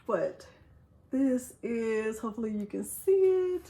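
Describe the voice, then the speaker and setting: A woman hosting a craft channel vlog, chatting excitedly and getting emotional as she thanks her viewers. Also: a little high, slow pace. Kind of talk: casual vlog chat.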